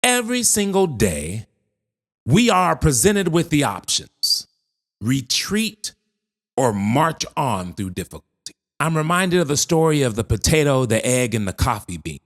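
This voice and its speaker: A male motivational speaker delivers an encouraging message with slow, weighty emphasis. He pauses for drama, and his pitch rises and falls widely. He speaks directly to his listener. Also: big pitch swings. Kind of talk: motivational speech.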